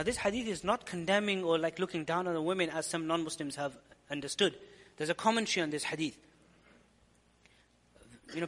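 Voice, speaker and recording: A man's voice: sits high, pushed and bright, big-room sound. A man giving an earnest, explanatory sermon-style lecture as a preacher, often repeating phrases for emphasis. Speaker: Islamic preacher.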